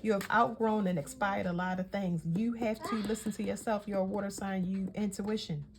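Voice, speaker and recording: A woman's voice: medium pitch, steady tone, a little fast, noisy background. A woman giving a casual tarot reading, talking in a chatty, emphatic way and often correcting herself mid-sentence. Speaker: tarot reader.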